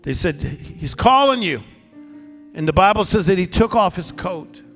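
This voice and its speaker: A middle-aged man preaches in a fiery, shouting style, pushing the congregation to answer him back. His voice sits high and rings out with a long hall reverb while a band plays softly behind him. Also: fairly quick. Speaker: pastor. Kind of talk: sermon. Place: church with live band and congregation. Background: band music.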